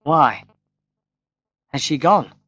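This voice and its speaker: A man's voice: fairly high pitch, expressive, extremely slow, a bit bright, no room sound, lo-fi sound, voice pushed up, full character voice. A man voicing a tired, terse miner father in an audiobook, giving short, blunt replies. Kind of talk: audiobook character voice.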